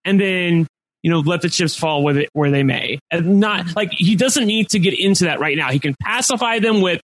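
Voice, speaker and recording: High-voiced chatty man with upspeak. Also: normal speed, a bit bright, a little hiss or hum, poor audio. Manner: upspeak, rising at sentence ends; chatty, leans on filler "like". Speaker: podcast host. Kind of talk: casual podcast discussion.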